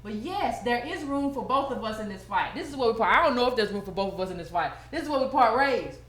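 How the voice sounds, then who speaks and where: High-voiced woman with fiery commentary. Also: animated, fast, roomy sound. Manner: indignant, emphatic, repeats herself for emphasis. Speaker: political commentator, channel host. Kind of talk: impassioned video commentary.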